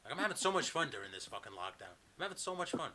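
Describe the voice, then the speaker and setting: A man's voice: medium pitch, big pitch swings, crowd noise. A man hosting a podcast, casually telling rambling, profane stories over a video call. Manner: fast, rambling storyteller, swears a lot. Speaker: podcast host. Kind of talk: casual chat.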